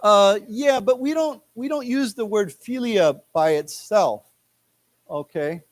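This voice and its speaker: A chatty American man leads a live English lesson in a lecture room, his voice a little higher than most men's. He talks loosely, restarts often, and draws words out slowly so the class can repeat them. The sound is dry and close, with little room echo. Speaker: English teacher.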